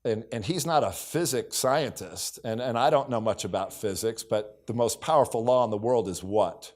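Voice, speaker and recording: A middle-aged man speaking at a business summit, mid-range in pitch. He tells personal anecdotes in a storyteller's way, slipping into quick impressions of coworkers and his wife, and keeps returning to a catchphrase. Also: a little mellow. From United States. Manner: storytelling, acts out dialogue, repeats catchphrases. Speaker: keynote speaker. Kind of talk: motivational keynote speech. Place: conference hall stage.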